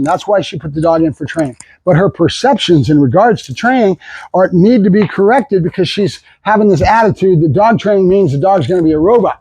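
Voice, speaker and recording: A middle-aged dog trainer talking casually and bluntly to the camera, repeating himself with fillers and restarts. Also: male voice, sits high, a little mellow, slightly rough, no room sound, poor audio.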